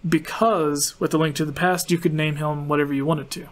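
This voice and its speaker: Chatty man with a higher voice. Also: steady tone, a little fast. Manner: rambling, filler-heavy explaining. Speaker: podcast host. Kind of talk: casual chat.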